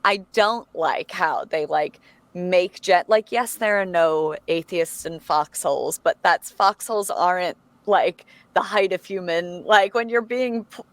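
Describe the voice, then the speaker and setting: A woman's voice: lowish voice, unhurried, dry recording. A woman, a guest on a podcast, giving blunt, opinionated takes in casual chat and laughing often.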